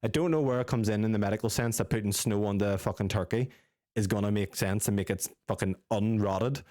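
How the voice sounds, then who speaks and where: A young man, telling a sweary, animated story as a podcast co-host. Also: lowish voice, a little fast, no room sound, studio quality. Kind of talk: casual storytelling with friends.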